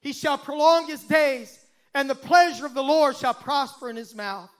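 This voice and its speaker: A pastor preaching a sermon and reading scripture aloud, with dramatic swells and sudden hushes. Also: male voice, extremely high pitch, moderate pace. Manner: dramatic, swelling and dropping to a hush.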